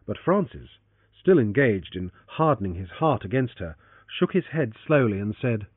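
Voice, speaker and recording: A man's voice: lowish voice, sing-song, normal speed, husky, no room sound. A man narrating an adventure novel as an audiobook. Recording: tinny phone-like, dry.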